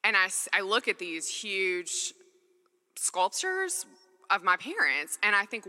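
Woman preaching, super bright voice, lively ups and downs, echoey hall. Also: mid-range voice, slow pace. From Mississippi, US. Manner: earnest, conversational, acts out dialogue. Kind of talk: sermon with personal storytelling.

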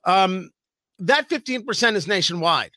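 A male talk radio host interviewing a guest, emphatic and pointed, pausing to stress his words. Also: sits high, expressive, bright, forceful tone, no echo. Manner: emphatic, reads statements aloud with pointed pauses.

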